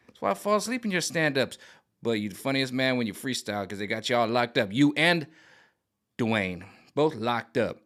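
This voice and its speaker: A man ranting to camera in an animated, mocking, rambling monologue. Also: medium pitch, moderate pace. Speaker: vlogger. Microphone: camera on gimbal.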